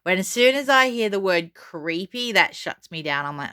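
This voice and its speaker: A middle-aged woman vlogger rambles chattily through a story, full of restarts and fillers, defiant and unbothered about what others think, with a frog in her throat. Her mid-range voice is brisk and fairly bright, with lively intonation and hardly any pauses, recorded dry at studio quality.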